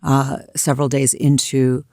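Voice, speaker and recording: An American woman co-hosting a history talk, her voice gravelly with a creaky edge. She tells events in a vivid, emphatic way. The sound is close and dry. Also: extremely low pitch, little pitch movement, a little slow, mellow, no room sound. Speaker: co-host. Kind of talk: history discussion.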